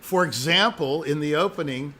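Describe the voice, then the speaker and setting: A man's voice: fairly high pitch, normal speed, sharp tone. A man giving a musician live spoken feedback as an audition judge, emphatic and jokey, repeating his points.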